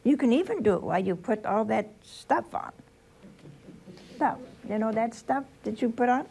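A woman's voice: a little high, expressive, vocal fry, dark tone, slight background noise. An older woman, a religious sister, giving a homely sermon, telling stories and asking the listeners questions. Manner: slow storytelling with rhetorical questions to the listeners.

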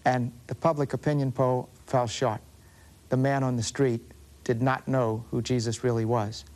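A man with a Southern US accent preaching a Catholic sermon, slowly and deliberately, drawing out key words for emphasis. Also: mid-range voice, flat delivery, a little mellow. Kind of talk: sermon teaching on scripture.

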